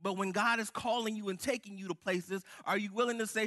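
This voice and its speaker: A man's voice: high voice, fairly even intonation, brisk, bright, forceful tone. A man preaching a sermon with fervent, building emphasis. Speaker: pastor.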